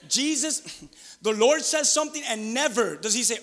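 A middle-aged man preaching a sermon in a church. He talks animatedly, swinging between loud exclaiming and hushed asides. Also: very high voice, animated, normal speed, long reverb tail. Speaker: pastor. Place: church sanctuary.

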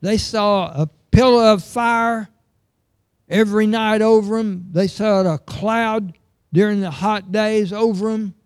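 A man's voice: high voice, steady tone, measured pace, darkish tone, smooth, no room sound, studio quality. A middle-aged man preaching a sermon, earnest and emphatic, reading scripture aloud.

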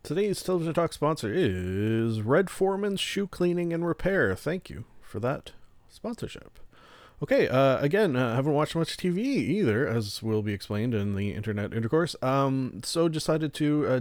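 A man's voice: mid-range voice, a little mellow, no room sound. A man hosting a solo podcast, reviewing films and shows in a casual, rambling way, often restarting and chuckling. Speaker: podcast host.

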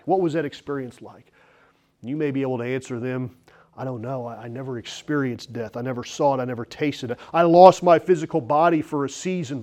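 A man preaching a sermon, reading scripture and slipping into candid, joking asides. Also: a little high. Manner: conversational preaching with self-deprecating asides and laughs; reads scripture aloud, rising animated at personal points. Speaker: pastor.

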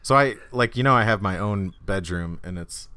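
A low-voiced man co-hosting a podcast, talking in a loose, rambling way with a lot of laughter. His tone is smooth and clear, and he pokes fun at himself as he goes. The recording is close and dry. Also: moderate pace, sharp tone, dry recording. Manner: rambling, self-mocking, laughs often. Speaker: podcast co-host. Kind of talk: casual chat.

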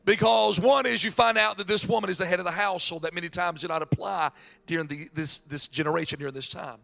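A man preaching a sermon as pastor, animated, acting out the voices of people in the scripture story. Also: sits high, fast, creaky.

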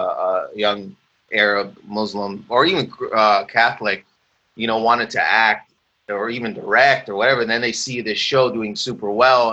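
A Canadian man, an actor, talking casually in an interview and acting out quoted exchanges with lively laughs. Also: on the low side, highs cut off. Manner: animated storyteller, acts out quoted exchanges, laughs often. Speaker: actor guest.

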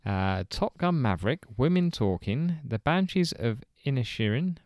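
A man's voice: mid-range voice, animated, normal speed, a little mellow, dry recording. A man in a casual chat, dry and sardonic, swearing at times. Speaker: podcast co-host.

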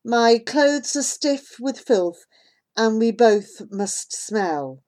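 A woman narrating an audiobook in an expressive, unhurried storytelling manner. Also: on the high side. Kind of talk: audiobook reading.

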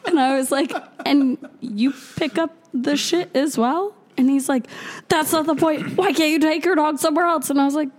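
High-voiced woman telling a profane story. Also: normal speed. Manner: profane, animated anecdote-telling with quoted voices. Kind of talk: casual storytelling chat.

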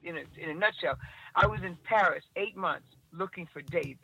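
A woman telling a story in an interview, animated, often restarting her sentences. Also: fairly low pitch, fairly quick, lo-fi sound, a little hiss or hum. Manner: animated, with many restarts and acted-out quotes. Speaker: interview guest.

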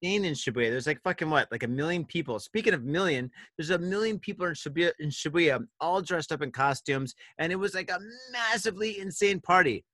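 A man's voice: fairly high pitch, animated, brisk, hardly any pauses, sharp tone, dry recording. A man co-hosting a casual drinking podcast, laid-back and profane, saying "dude" and "like" a lot. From United States. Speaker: podcast co-host.

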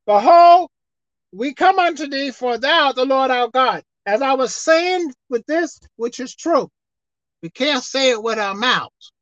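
A woman preacher delivering a sermon, swinging between loud emphatic outbursts and quiet asides. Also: sits high, expressive, unhurried, dry recording. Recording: dull lo-fi dry sound.

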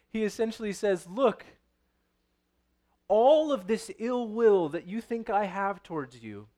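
A man preaching, reading scripture aloud and then explaining it in a conversational way, often checking in with "right?". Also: sits high. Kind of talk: sermon.

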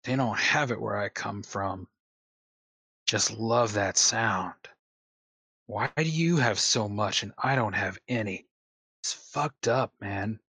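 A man voicing a crude, noise-hungry telepathic entity that speaks in a flippant, slow drawl. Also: lowish voice, gravelly, pushed and bright, slightly rough, no room sound, exaggerated voice.

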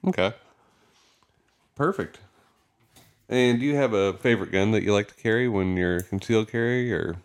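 Brief: male host, lowish voice, relaxed interviewer. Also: moderate pace, pauses often, clean tone. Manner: easygoing, asks questions. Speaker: podcast host. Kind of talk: casual interview chat.

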